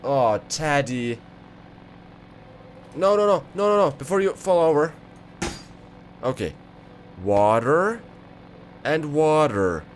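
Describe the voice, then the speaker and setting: An excitable man commenting his way through a game, his voice a little high and swooping all over the place. He exclaims and rambles in quick asides, and loud game noise clatters behind him throughout. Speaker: gaming video creator. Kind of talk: let's play commentary. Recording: clear background game noise.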